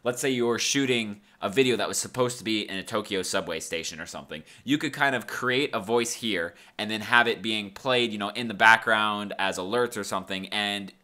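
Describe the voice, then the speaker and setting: A man narrating a casual software tutorial over his screen. His voice sits low but sounds bright and forward. He rambles easily and fills the gaps with ums. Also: fairly quick, few pauses. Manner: laid-back, rambling with fillers. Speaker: tutorial host.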